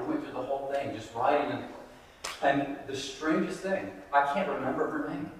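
A man's voice: medium pitch, moderate pace, recorded from a distance, a little hiss or hum. Earnest male preacher in an echoey hall. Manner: earnest, conversational preaching that repeats key phrases. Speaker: pastor. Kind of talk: sermon. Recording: echoey hall, voice picked up from afar.

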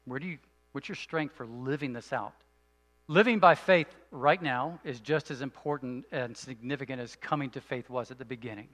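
A man preaching a sermon as a pastor, earnest, moving between emphatic and hushed delivery. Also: medium pitch, moderate pace, long reverb tail.

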